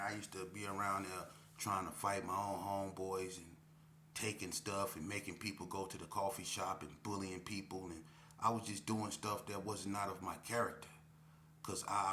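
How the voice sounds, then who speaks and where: A man's voice: low voice, sharp tone, slight background noise. A man casually telling a personal story in slangy, candid speech, repeating himself and acting out dialogue.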